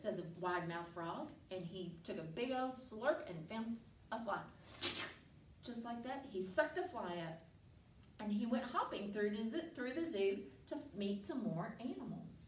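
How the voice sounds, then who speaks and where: A woman's voice: mid-range voice, moderate pace, a little hiss or hum. A woman hosting a library story time, reading aloud to children with playful animal sounds. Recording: echoey room, mic far off.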